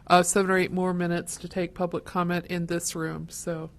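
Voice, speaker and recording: A woman chairs the meeting in a low, flat voice. She keeps her procedural remarks brisk and to the point. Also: gravelly.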